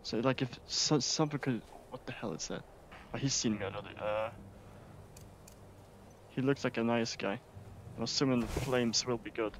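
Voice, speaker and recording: A man from Sweden giving casual, excitable gameplay commentary as a streamer, swearing often. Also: medium pitch, moderate pace, pauses often, slight background noise. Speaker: gaming streamer.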